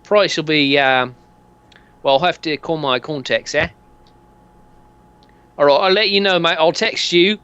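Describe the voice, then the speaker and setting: A man's voice: on the high side, measured pace, pauses often, bright, forceful tone, clean tone, pitched above the performer's own voice. A man voicing a pushy, sleazy male fixer who keeps nudging and saying "mate", on dull lo-fi audio. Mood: wheedling. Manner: wheedling, nudging, full of "mate" and "eh".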